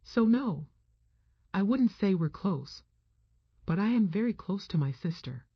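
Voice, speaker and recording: A woman's voice: medium pitch, a little slow, slightly rough, no room sound. Woman reading as a dry, sardonic rich man. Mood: guarded. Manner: calm, dry, understated. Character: suave wealthy half-Italian man, sardonic. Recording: dull, muffled dry sound.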